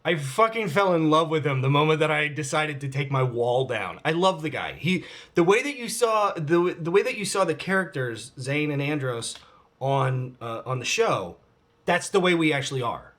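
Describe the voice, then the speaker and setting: A man's voice: on the high side, animated, normal speed, fairly bright tone. A man in his forties answering viewer questions on his vlog in a rambling, candid way, swearing freely. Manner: rambling, profane and candid, with frequent fillers. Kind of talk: casual vlog Q&A.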